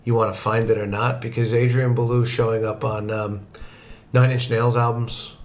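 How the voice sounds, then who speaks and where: A man in the middle pitch range co-hosts a relaxed podcast about rock history. He tells anecdotes in a lively way and slips into acting out quotes as he goes. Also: moderate pace. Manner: animated storyteller who acts out quotes. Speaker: podcast co-host. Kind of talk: casual chat about rock music.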